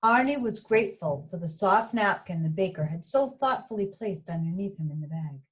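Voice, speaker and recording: A woman reading a bedtime story aloud in a gentle, expressive way. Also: fairly low pitch, moderate pace, poor audio.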